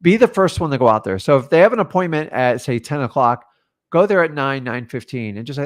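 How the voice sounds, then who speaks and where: A man with a mid-pitched voice leads a live training session on real estate deals. He talks in short, punchy bursts and coaches the listeners directly. He breaks into quick acted sample conversations with sellers. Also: animated.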